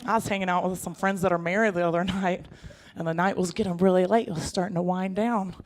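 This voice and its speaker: A woman in her thirties performing a stand-up comedy set, animated and jokey, jumping into put-on voices. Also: lowish voice, fast talker. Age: 30s. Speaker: stand-up comic.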